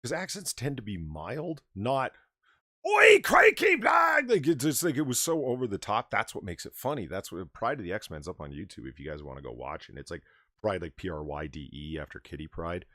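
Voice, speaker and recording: Man, ranting, sarcastic, swearing, lively intonation, dry recording. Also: sits low, brisk, no room sound. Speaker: podcast host. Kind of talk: casual livestream chat.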